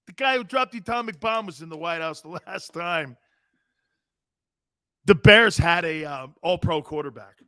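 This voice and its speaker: An excitable man from Connecticut hosts a sports talk show, rambling from story to story and laughing often. His voice sits a touch high for a man. The sound is dry and close on the mic. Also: moderate pace, no echo. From Connecticut, United States.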